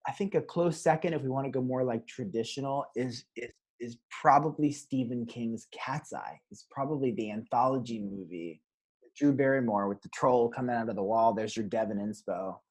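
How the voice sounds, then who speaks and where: A man as a guest on a casual podcast interview, rambling through animated stories. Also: mid-range voice, normal speed. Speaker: guest filmmaker.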